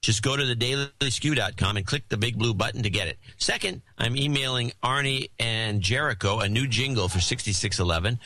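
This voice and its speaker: A man with a bright, forceful voice reads out listener notes on a casual podcast, cracking jokes and slipping into silly voices. The sound is close and dry, with no room around it. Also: medium pitch, fairly quick, hardly any pauses, dry recording. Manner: reads letters in put-on voices, jokey. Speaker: podcast co-host reading donor notes. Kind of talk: casual banter, reading letters aloud.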